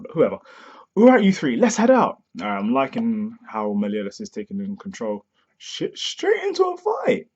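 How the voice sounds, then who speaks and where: A young man hosting a casual manga reaction review, chatty and profane, laughing at himself as he goes. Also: medium pitch. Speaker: manga reviewer, channel host. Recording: dull lo-fi recording.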